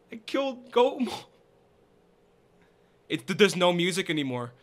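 A young man streaming a game, reacting loudly, swearing and laughing often. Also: high voice, very animated, unhurried, long pauses. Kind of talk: let's play commentary.

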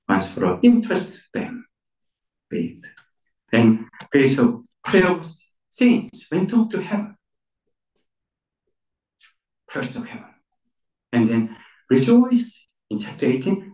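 A man's voice: on the high side, a little mellow. A man preaching a sermon as pastor, emphatic, repeating key words with rising stress. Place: church centre. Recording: echoey room, voice from far off.

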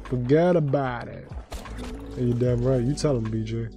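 A man with a slightly raspy voice, chatting casually with his viewers while streaming a game, rambling with lots of fillers and restarts. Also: medium pitch, normal speed. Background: faint background music.

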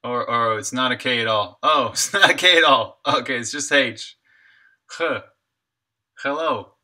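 A man talks through his work on a live stream in an easy, rambling way, answering viewers and laughing lightly as he goes. His voice sits at an ordinary pitch for a man. Its tone is strikingly bright and keen. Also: moderate pace. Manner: thinks aloud, answers chat, chuckles often. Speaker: indie game developer streaming. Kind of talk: casual live-stream chat while working.

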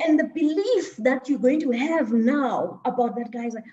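A woman's voice: high-pitched, lively intonation, moderate pace, dark tone. Muffled woman speaker quizzing an audience. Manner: asks the audience questions often, many repeated words. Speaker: speaker leading an online discussion. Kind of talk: interactive talk.

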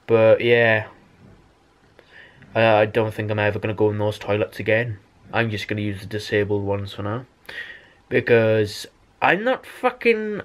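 A young man from Britain rambles through a storytime vlog. He swears constantly and sounds fed up, with restarts and asides, and his voice sits at an ordinary middle pitch. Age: young adult. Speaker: vlogger.

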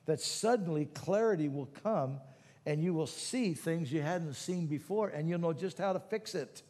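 A man preaching a sermon, moving between quiet teaching and loud, fervent calls to prayer. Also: a little high, normal speed, long reverb tail. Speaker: pastor.

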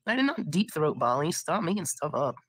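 A woman chatting on her live stream with a voice roughened by illness. She rambles, swears casually and talks in an easy, loose way. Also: deep voice, sing-song, brisk, rough recording. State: hoarse from illness.

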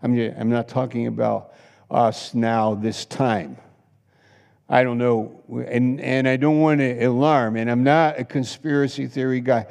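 A man's voice: mid-range voice, fairly even intonation, unhurried, gravelly. Male pastor mid-sermon, impassioned and blunt, mid-range voice ringing in a reverberant sanctuary. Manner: impassioned, swings between loud exclamations and hushed asides. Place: church sanctuary. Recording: long hall reverb.

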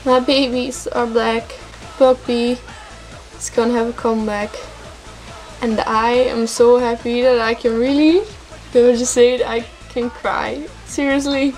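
A young woman vlogging as an excited K-pop fan, gushing and repeating words for emphasis. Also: a little high, unhurried. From Netherlands. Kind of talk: excited casual vlog. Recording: faint music behind voice.

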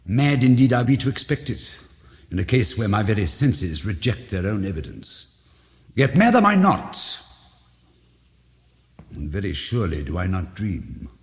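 Man, dramatic story reading, lowish voice, very animated pitch, intense, old record, long reverb. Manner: intense, theatrical, with sudden rises and drops. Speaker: reader of a story.

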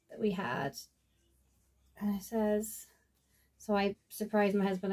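A woman's voice: medium pitch, mellow. Chatty woman showing crafts. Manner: chatty and rambling, with many fillers and trailing asides. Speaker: crafter showing her sewing projects. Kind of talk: casual show-and-tell vlog. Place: at home.

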